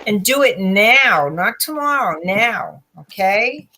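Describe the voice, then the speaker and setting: A woman's voice: mid-range voice, animated, takes it slowly, pushed and bright. A woman doing a live online tarot reading, giving direct, encouraging advice to a viewer. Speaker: tarot reader.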